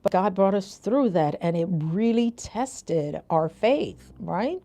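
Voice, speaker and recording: A woman's voice: mid-range voice, animated, slow, mellow. An older woman from Jamaica with a Jamaican accent, hosting a casual livestream and chatting with her viewers, laughing often. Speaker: nurse coach and livestream host.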